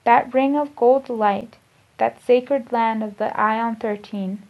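A woman with a somewhat high voice reads esoteric spiritual teachings aloud, slow and deliberate, going back to restart and repeat her phrases. The recording is dull and lo-fi. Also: fairly even intonation. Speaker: spiritual lecturer.

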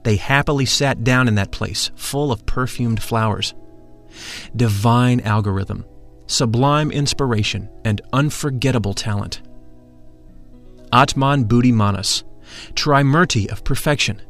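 A man narrating a script in a measured, solemn voice, at an ordinary mid pitch. Faint music plays quietly behind him.

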